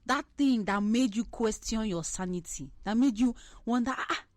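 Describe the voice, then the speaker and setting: A woman hosting a casual chat, ranting in an animated, teasing way and repeating her words. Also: fairly high pitch, moderate pace, dry recording. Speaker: podcast host.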